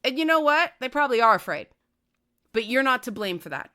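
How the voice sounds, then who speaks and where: A woman's voice: very animated, fairly quick, bright, forceful tone. A woman hosting a talk show, giving direct, conversational advice and often tagging her points with a questioning "right?". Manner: acts out quoted voices with raised pitch. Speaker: podcast host.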